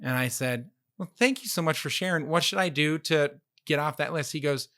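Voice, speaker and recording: A man's voice: a little high, brisk, sharp tone. A man co-hosting a podcast, telling a story in casual chat and acting out the dialogue he quotes. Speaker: podcast co-host.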